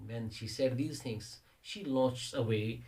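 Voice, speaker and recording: A man teaching a poetry lesson, explaining line by line. He keeps rephrasing and repeating phrases while he hunts for the right word. His voice sits at an ordinary middle pitch. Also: slow, darkish tone, low-quality recording. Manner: explains by restating lines in English and Hindi. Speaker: English teacher.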